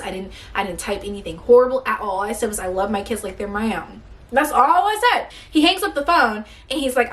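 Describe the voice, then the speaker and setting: Swearing young woman ranting a story. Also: fairly high pitch. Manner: blunt, swears a lot, animated retelling. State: tired and hungry. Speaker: vlogger telling a story time. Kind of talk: casual storytime rant.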